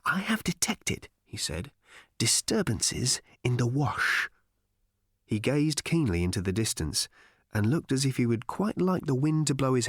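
A man's voice: on the low side, a little mellow, dry recording. A man reading a novel aloud as the narrator, with a wry, dry delivery. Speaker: audiobook narrator. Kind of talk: scripted narration.

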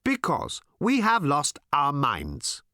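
A man voicing thin, greenish alien visitors who speak slowly, flatly and earnestly. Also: a little high, dry recording, studio quality, voice pushed up, heavily acted.

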